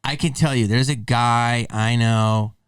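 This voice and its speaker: A man's voice: medium pitch, fairly even intonation, measured pace, smooth, no echo, studio quality, far from the mic. A man hosting a podcast, reacting to clips in a blunt, rambling, profane way. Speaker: podcast host. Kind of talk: casual reaction commentary.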